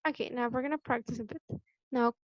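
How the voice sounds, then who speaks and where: A woman teaching English pronunciation in a patient, deliberate way, repeating the key points for her students. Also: a little high, fairly even intonation, dry recording. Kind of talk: classroom lesson explanation. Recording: dull lo-fi sound, dry.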